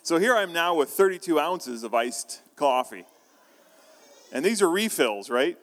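A man's voice: a little high, sing-song, a little slow. Man preaching in a reverberant hall. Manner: storytelling, conversational with frequent restarts. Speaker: pastor. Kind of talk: sermon. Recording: long reverb of a large hall.

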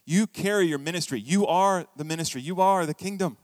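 A middle-aged man preaching a sermon in a church, telling stories with lively acted-out quotes. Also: high voice, a little fast, no room sound, in a large hall. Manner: storytelling, animated, acts out quoted voices. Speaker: pastor. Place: church hall.

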